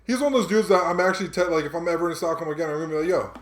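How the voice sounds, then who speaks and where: A man's voice: fairly high pitch, very fast, roomy sound. A young man co-hosting a podcast, telling stories in casual slangy talk and acting out what people said. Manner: animated storyteller, slangy, acts out quotes. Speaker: podcast co-host. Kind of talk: casual chat, storytelling.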